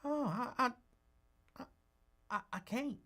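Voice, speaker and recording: A tired man hosting a casual live talk show, greeting listeners by name and talking in a calm, rambling way. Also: extremely high pitch, slow. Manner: calm, holding back from yelling. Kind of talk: casual live-stream chat.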